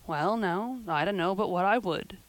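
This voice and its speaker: A woman voicing a shy, quiet older farmer man in a story reading, speaking slowly with few words. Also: mid-range voice, dry recording, lightly acted. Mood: mild. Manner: slow, halting, few words.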